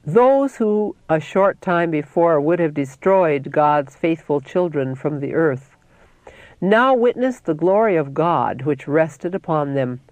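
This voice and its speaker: A reader giving a solemn, deliberate reading of a devotional text, quoting scripture and citing verses. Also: medium pitch, expressive, dry recording, highs cut off.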